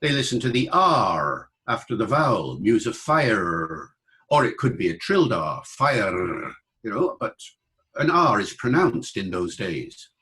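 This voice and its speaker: An older British man talks through language matters in a relaxed interview. He explains at length and breaks off to demonstrate sounds and accents himself. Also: mid-range voice, moderate pace, poor audio. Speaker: linguist guest. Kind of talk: interview conversation.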